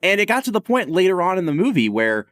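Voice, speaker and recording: A man co-hosting a podcast in casual chat, animated and opinionated. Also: high voice, fast, no echo, clean studio sound. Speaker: podcast co-host.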